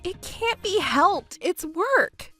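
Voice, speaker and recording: A woman's voice: very high-pitched, expressive, takes it slowly, bright, forceful tone, dry recording, faint music behind, pitched above the performer's own voice, full character voice. A woman voicing a young overworked fiancée who pleads and argues back defensively. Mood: pleading. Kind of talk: texting story voice acting.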